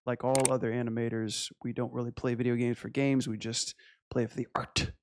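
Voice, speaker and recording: A man hosting a casual animation review, excitable and full of profane slang. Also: mid-range voice, brisk, slight background noise. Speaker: animation reviewer, channel host.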